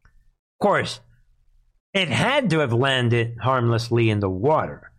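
A man hosting a live commentary stream, his voice sitting at an ordinary middle pitch. He talks in a sarcastic, scoffing way. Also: sing-song, slow, fairly bright tone. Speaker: political commentary host.

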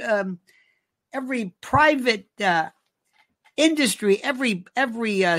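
A man's voice: very high-pitched, fairly bright tone. A man hosting his own show, delivering an emphatic, opinionated monologue and repeating himself for emphasis. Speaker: show host.

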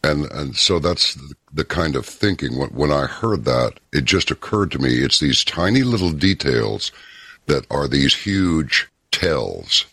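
Very deep, husky-voiced man. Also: lively intonation, unhurried, pushed and bright, no room sound. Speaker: guest. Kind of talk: casual interview talk.

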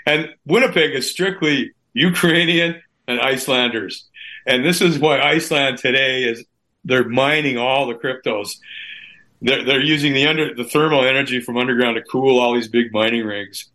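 Man from Canada, middle-aged, guest author on a livestream; bright tone, rambling storyteller who repeats himself. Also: medium pitch, moderate pace. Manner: rambling, repeats words and restarts.

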